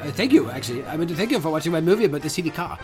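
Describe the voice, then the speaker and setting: A hurried ghost of an old film director stammers through his words in a mock South African accent, as a man puts him on. His voice is somewhat high and leaps around widely. Faint music plays underneath. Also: very animated. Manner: hurried, halting, many restarts. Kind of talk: comedy podcast impression.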